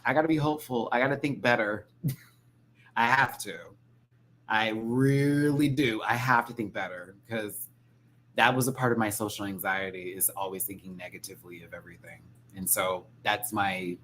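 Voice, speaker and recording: A man's voice: on the low side, steady tone, normal speed, a bit bright, a little hiss or hum. A man hosting a casual live review stream, rambling playfully with frequent laughter and theatrical reactions.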